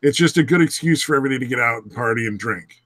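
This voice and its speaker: A man's voice: medium pitch, rapid-fire, fairly bright tone, no echo. A man chatting on a podcast in a laid-back, agreeable way. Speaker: podcast co-host. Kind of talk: casual chat. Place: recording studio.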